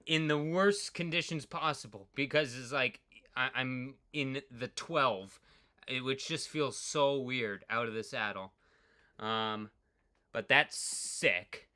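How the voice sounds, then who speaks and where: In casual, rambling commentary on his cycling stats, a man with a medium-pitched, sharply bright and cutting voice peppers his talk with "like". He swings fast between hyped-up outbursts and quiet mutters.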